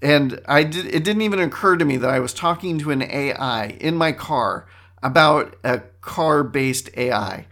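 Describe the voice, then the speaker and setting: A man's voice: fairly high pitch, normal speed, gravelly, a bit bright. Chatty middle-aged man hosting. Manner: conversational, rambling, self-correcting. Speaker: host. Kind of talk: casual monologue.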